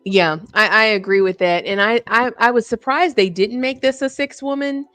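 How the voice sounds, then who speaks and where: A woman's voice: on the high side, normal speed, fairly bright tone, no echo. A woman co-hosting a podcast, chatting casually and agreeably, easily amused. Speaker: podcast co-host. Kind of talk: casual wrestling predictions chat.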